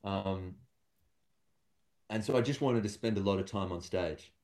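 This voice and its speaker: A man's voice: deep voice, a little slow, a little mellow. Reflective stand-up comedian, a man. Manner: reflective, many fillers and restarts. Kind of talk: casual conversational interview.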